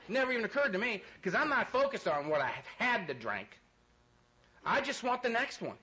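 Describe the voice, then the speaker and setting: A man's voice: high-pitched, very animated, a little fast, pushed and bright, breathy edge. A man telling a loose, laughing, self-mocking story to an audience and acting out voices. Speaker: speaker sharing his recovery story.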